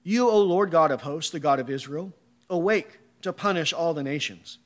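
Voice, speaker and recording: A man's voice: fairly high pitch, normal speed. A man preaching a sermon, reading scripture and asking emphatic rhetorical questions.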